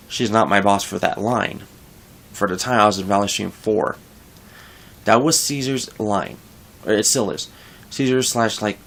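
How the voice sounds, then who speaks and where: A young man with a gravelly, low-pitched voice talks casually to his viewers. He rambles and corrects himself as he vents his frustration about work, in an unscripted vlog rant. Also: a bit bright. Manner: frustrated, rambling, with frequent restarts. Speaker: vlogger.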